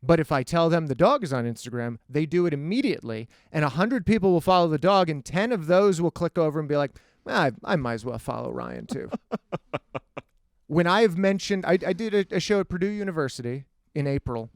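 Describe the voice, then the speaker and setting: A male comedian chatting as a podcast guest, telling animated stories and slipping into acted voices. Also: a little high, brisk, no room sound, studio quality. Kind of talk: casual podcast conversation.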